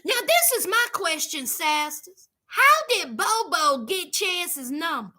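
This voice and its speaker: A woman's voice: extremely high pitch, sing-song, slow pace, bright, forceful tone. A woman hosting a comedic reality show recap, sassy and chatty, talking straight to her viewers.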